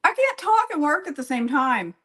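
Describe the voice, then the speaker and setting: A woman's voice: sits high, sing-song, moderate pace, a bit bright, poor audio. A woman chatting casually to live viewers while she bakes, rambling and poking fun at herself. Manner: rambling, self-deprecating, chatty while working; talks to viewers by name, laughs often. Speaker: home baker. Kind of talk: casual live-stream baking chat.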